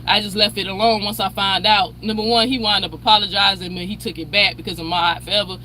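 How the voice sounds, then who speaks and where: Quick-paced and steady, her medium-pitched voice sounds pushed and bright as this commentary channel host rants. She gets heated, swears, confronts people, and calls someone out by repeating their name; slight background noise is present.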